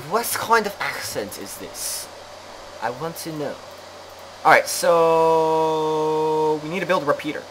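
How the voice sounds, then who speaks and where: A man talks through a let's play in a loose, rambling way, cracking jokes and poking fun at himself as he goes. His voice sits at an ordinary middle pitch. A steady hum of noise runs behind him in the recording. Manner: rambling, jokey, self-mocking, talks to himself while playing. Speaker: gaming channel host. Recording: clear background noise.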